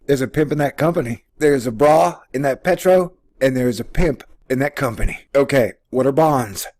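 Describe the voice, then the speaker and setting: A man hosting a casual commentary video, joking sarcastically with sudden animated outbursts. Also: mid-range voice.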